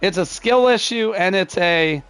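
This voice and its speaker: An older man streaming a video game live, talking through his plays and answering chat in a gruff, curmudgeonly-sounding voice, often halting and restarting his phrases with a chuckle. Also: high-pitched, fairly bright tone, soft background music. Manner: gruff, curmudgeonly-sounding, says he is not angry.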